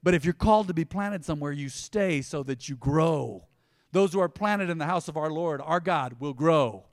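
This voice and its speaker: Higher-voiced man preaching in a church. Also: normal speed, dry recording, clean studio sound, long reverb tail. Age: 40s. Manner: swings from emphatic loud to hushed and tender. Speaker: pastor. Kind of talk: sermon. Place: church sanctuary.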